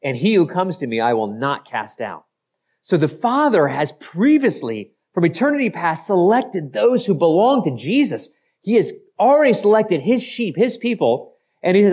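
A man's voice: high voice, very animated, moderate pace, darkish tone, husky. A male pastor preaching an expository sermon, acting out skeptical voices and often repeating and correcting himself. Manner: repeats phrases, self-corrects mid-sentence.

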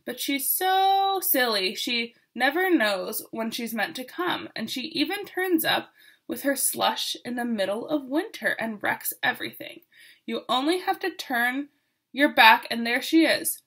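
A woman voicing a lively, gruff old male frost spirit who talks loudly and blusters. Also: fairly high pitch, unhurried, heavily acted. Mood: chatty. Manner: loud, blustery, growls when cross.

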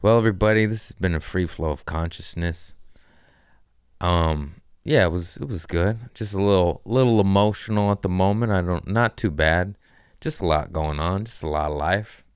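A man's voice: deep voice, normal speed, clear, resonant tone, dry recording, studio quality. A man around forty hosting his own podcast, riffing loosely and jokingly in casual, profane chat. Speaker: comedian podcast host.

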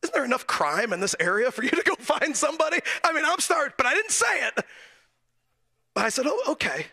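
A male preacher with a high, bright voice tells a story from the pulpit. He chuckles often and backs up to restart his phrases as the tale builds. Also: fairly quick, gravelly. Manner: animated storytelling, frequent chuckles and self-corrections. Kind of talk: storytelling sermon. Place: church.

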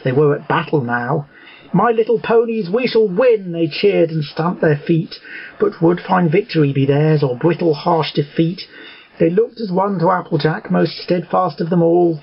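A man's voice: fairly high pitch, vocal fry, breathy edge, muffled recording. A man reciting a rhyming epic storybook poem in a rhythmic, ballad-like way. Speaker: narrator.

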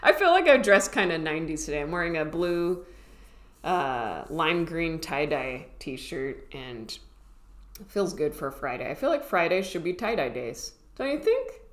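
Woman, low voice, chatty, rambling, self-mocking vlog talk. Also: expressive, moderate pace. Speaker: comedian vlogger. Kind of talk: casual rambling vlog chat.

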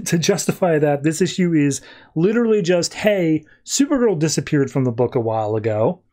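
A man's voice: a little high, a little mellow. A man hosting a podcast, casually retelling a comic issue and paraphrasing its characters with "he's like" and "she's like". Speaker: podcast host. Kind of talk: casual comic book recap.

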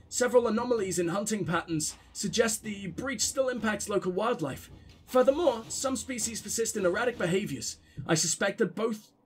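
A bored woman researcher drones through a formal report in one flat tone, as a man puts her on. The voice sits fairly high and barely moves. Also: a little hiss or hum. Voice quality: flat monotone. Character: boring monotone female researcher reading a report.

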